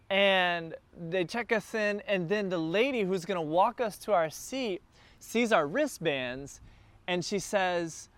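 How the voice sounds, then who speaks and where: A man telling a casual travel story, chatty and getting more excited as he goes. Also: sits high, no echo.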